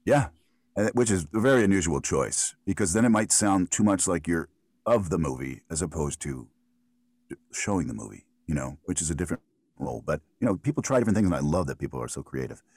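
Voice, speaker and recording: A man's voice: low-pitched, animated, quick pace, a little mellow, no echo. A middle-aged American man who works as a voiceover artist, talking at ease in an interview and giving thoughtful, rambling answers full of restarts and fillers. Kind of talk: relaxed conversational interview.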